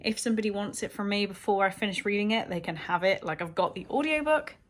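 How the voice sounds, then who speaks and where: A woman's voice: mid-range voice, fast. Chatty woman vlogging about books. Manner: chatty, rambling, with fillers. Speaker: book vlogger. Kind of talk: casual chat. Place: at home.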